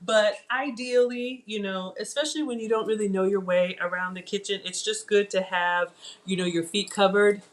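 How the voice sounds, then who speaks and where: A woman's voice: mid-range voice, steady tone, moderate pace. A middle-aged woman hosting a casual live cooking demo from her home kitchen, talking to viewers in a chatty, digressive way. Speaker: cooking show host.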